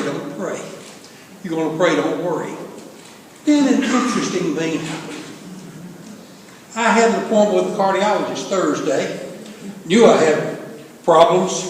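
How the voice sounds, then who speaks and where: A man's voice: high-pitched, slight background noise. An older man from the American South, a pastor telling a story in a folksy, joking sermon. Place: large church sanctuary. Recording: echoey hall from far off.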